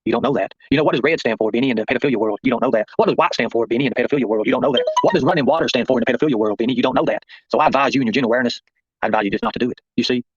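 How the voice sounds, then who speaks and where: A man rattles off a confrontational livestream monologue at a very fast clip. His voice sits at a middling pitch, and the sound is close and dry. The audio is dull and lo-fi. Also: breathy edge, no echo. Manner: confrontational, addresses viewers and chat by name. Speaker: livestream host.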